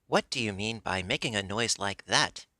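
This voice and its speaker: A man's voice: fairly low pitch, lively intonation, moderate pace, pushed and bright, no room sound, clean studio sound. Man playing a blustering little gnome king. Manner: blustering, easily startled. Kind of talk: audiobook character voice.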